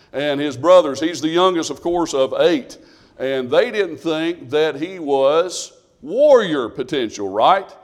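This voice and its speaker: Pastor guy, kinda high voice, just chatting through a sermon and asking the folks stuff. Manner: conversational, asks the congregation questions.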